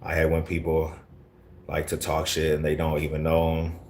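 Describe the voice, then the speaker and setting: A man's voice: very deep voice, completely flat delivery, normal speed, a little hiss or hum. A man from Colorado live-streaming and answering his chat in brash, confrontational street slang. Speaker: livestreamer reading chat. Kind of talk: casual live-stream talk.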